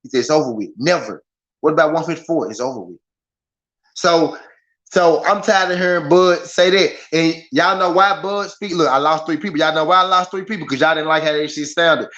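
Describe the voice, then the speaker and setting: A man with a Southern American accent hosting a casual boxing livestream, talking to his chat in an animated, repetitive way. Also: on the high side, fairly quick. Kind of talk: casual live commentary. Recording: slightly dull lo-fi stream audio.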